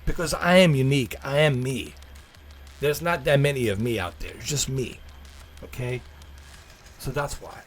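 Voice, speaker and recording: A man's voice: medium pitch, normal speed, pauses often, soft background music. A man livestreaming gameplay, ranting in a repetitive, exasperated way and talking straight to his viewers. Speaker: gaming livestreamer. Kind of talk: live gameplay commentary.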